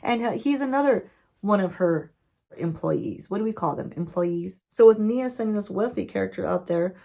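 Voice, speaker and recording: A woman beauty vlogger telling a playful, chatty story-time recap with lots of asides to her viewers. Her mid-pitched voice carries a gravelly fry. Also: a little fast, dark tone. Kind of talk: story-time recap while doing makeup.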